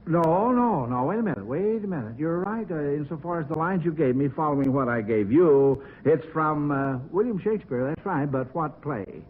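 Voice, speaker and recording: A man's voice: on the high side, lively intonation, moderate pace, hardly any pauses. A man hosting a 1940s radio quiz show for children, folksy and enthusiastic, heard over a tinny old broadcast. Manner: folksy and enthusiastic, many exclamations.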